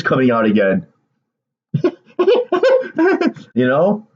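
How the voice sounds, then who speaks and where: A man's voice: mid-range voice, sing-song, drawn-out words, pauses often, darkish tone, dull audio. A man doing casual political commentary on his vlog, reading aloud and then ranting emphatically with bursts of laughter.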